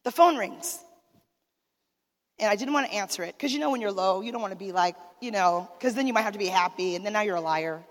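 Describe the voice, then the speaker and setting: A woman's voice: mid-range voice, quick pace. A woman giving an emotional sermon testimony as a minister's wife, talking straight to the listeners. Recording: long hall reverb.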